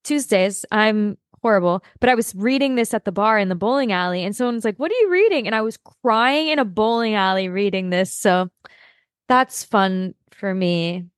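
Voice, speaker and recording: A woman co-hosting a casual podcast chat, excitable and gushing, swearing now and then. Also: medium pitch, normal speed, clean tone, dry recording, clean studio sound. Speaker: podcast co-host.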